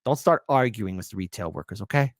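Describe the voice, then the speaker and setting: A man hosting an online commentary show, reacting to news clips in an animated, mocking way with sudden shouted bursts. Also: fairly low pitch, fast talker, no room sound, studio quality. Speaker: host.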